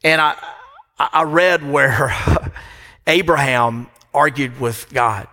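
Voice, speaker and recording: The long reverb of a church hall surrounds this middle-aged pastor as he preaches from the pulpit. His mid-range voice is slow, bright and forceful, and he leans on emphatic repetition of phrases.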